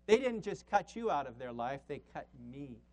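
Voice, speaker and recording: Pastor guy preaching, emphatic, slows way down on the big words, drops quiet and low for punch. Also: sing-song. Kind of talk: sermon.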